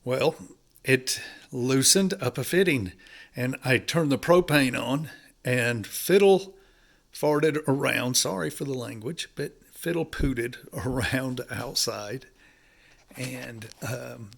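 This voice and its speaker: A man's voice: medium pitch, slow pace, gravelly. Folksy stuffy-nosed man. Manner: folksy, rambling, addresses viewers as folks. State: congested, stuffy nose. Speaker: home-building vlogger. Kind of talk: casual talk to camera while working. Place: house under construction, indoors.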